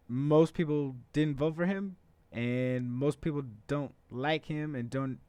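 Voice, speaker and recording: Smooth, dry-voiced casual podcast man. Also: mid-range voice, a little mellow, no room sound. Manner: conversational and profane, many filler uhs. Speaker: podcast host. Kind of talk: casual political podcast monologue.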